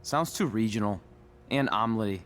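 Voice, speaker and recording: A man's voice: on the low side, expressive, a little fast, a bit bright. An actor voicing a laid-back, wisecracking young male wrestling trainee in a game cutscene. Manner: wry, joking. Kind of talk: video game cutscene acting.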